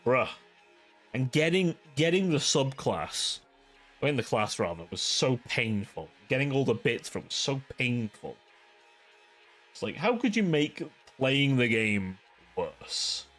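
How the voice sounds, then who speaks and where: A man's voice: mid-range voice, sing-song, unhurried, a bit bright, faint music behind. A man hosting a livestream, chatting casually with viewers in a rambling, profane way, filling his talk with "like". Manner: rambling, profane, ranting, heavy use of "like". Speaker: livestream host.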